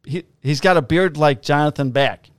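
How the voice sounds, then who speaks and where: A man's voice: a little high, moderate pace, clear, resonant tone, no room sound, studio quality. A man, a police officer, casually telling profane, laughing stories about his shifts. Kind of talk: casual storytelling on a podcast.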